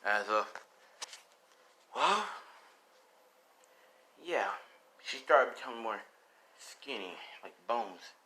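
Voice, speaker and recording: A man narrates an improvised fan story in a loose, rambling way, full of fillers and sighs. He talks slowly, and his voice has a bright, forceful tone. A faint noise sits under the recording. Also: medium pitch, lively intonation.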